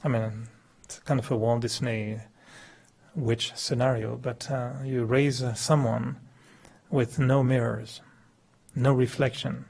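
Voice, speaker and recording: Gravelly, husky man giving a meditation talk. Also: darkish tone. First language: not English. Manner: chatty and humorous, laughs often at himself; acts out quoted dialogue with big pitch jumps. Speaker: meditation teacher. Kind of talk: spiritual talk to an audience.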